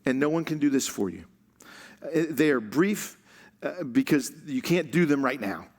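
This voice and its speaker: A man's voice: mid-range voice, expressive, moderate pace. A man preaching a sermon as pastor, conversational and light, laughing often and drawing out words for emphasis. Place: church stage.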